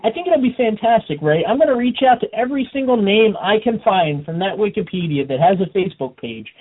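A man hosting a wrestling radio talk show, energetic and quick to laugh. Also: high-pitched, husky. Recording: phone-like radio audio.

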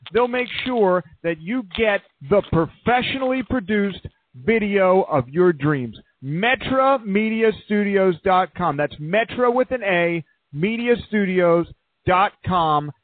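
A man reading a scripted radio ad as a friendly sales pitch. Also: animated, measured pace, narrow, tinny audio, a little hiss or hum. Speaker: ad announcer.

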